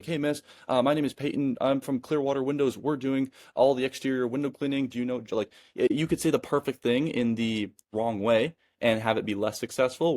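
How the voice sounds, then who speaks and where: Young sales coach, casual and quick, tags "right?" on everything, dry close sound. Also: male voice, on the low side, darkish tone, no echo. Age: 20s. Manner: keeps adding "right?", fast and chatty. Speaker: sales coach and business owner. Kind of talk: casual teaching monologue.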